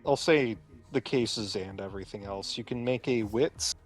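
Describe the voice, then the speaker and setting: A man running a tabletop role-playing game, narrating the scene in a measured way. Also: lowish voice, soft background music. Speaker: storyteller.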